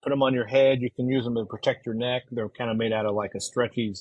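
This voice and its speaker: Husky guy guesting on a podcast, easygoing, dry mic. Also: mid-range voice, steady tone, fast, no room sound, highs cut off. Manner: laughs easily, loose and rambling. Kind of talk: casual chat.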